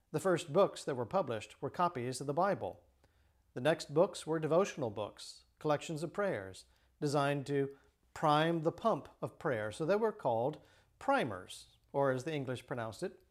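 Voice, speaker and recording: A middle-aged priest giving a measured, explanatory lecture on Christian teaching. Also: male voice, fairly high pitch.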